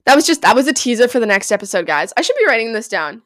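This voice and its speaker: A young woman hosting a casual solo podcast, rambling and giggly, breaking into squeals and yells. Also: a little high, sing-song, rapid-fire, dry recording. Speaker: podcast host.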